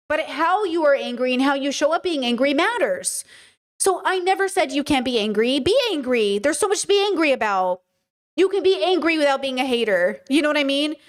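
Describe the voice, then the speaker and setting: A woman with a bright, high voice streams live commentary, talking straight to her chat. She is emphatic and casual and piles up rhetorical questions. She often lands on the same point twice. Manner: casual, addresses viewers as girlies. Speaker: streamer reacting to videos. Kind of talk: livestream commentary.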